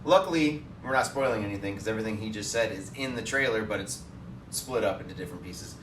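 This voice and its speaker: A man's voice: fairly low pitch, quick pace, background noise. A man co-hosting a casual film chat, upbeat and speaking to viewers, recorded at a distance in an echoey space. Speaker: co-host. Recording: roomy echo, far from mic.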